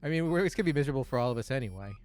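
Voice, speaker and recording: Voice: mid-range voice, expressive, very fast, darkish tone. A let's play host giving casual gameplay commentary in a rambling, hesitant way, swearing now and then.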